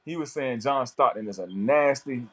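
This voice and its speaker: Man, south florida accent, casual talk, rambling, restarts sentences, mid pitch. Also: normal speed. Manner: rambling, repeats himself while searching for words. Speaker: co-host. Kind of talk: casual chat.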